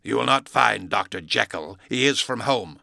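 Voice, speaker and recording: A furtive, hostile stranger, as a male reader puts him on, slow and guarded, his words drawn out with a strained, odd timbre. The tone is edgy and sharp, and the recording is dry and close. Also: lowish voice, lively intonation, creaky, dry recording, exaggerated voice. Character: furtive, hostile man speaking low and drawn-out.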